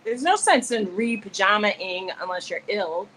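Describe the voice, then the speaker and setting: A woman's voice: medium pitch, expressive, measured pace, fairly bright tone, a little hiss or hum, rough recording. A woman co-hosting a live show, chatting casually with a friend, laughing easily and playing with how words are said. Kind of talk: casual chat between friends.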